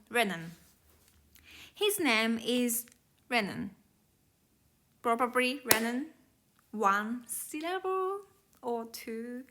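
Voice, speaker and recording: A woman's voice: fairly high pitch, fairly bright tone. A woman teaching Japanese grammar to learners, explaining each step carefully in plain, slightly non-native English.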